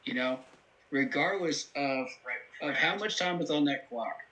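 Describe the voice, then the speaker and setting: A man with a very bright, sharp-edged voice hosts a live football reaction. He breaks down plays and clock management earnestly, leaning on "you know" as he talks. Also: a little high, unhurried, highs cut off. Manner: earnest, analytical, many "you know" fillers. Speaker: host.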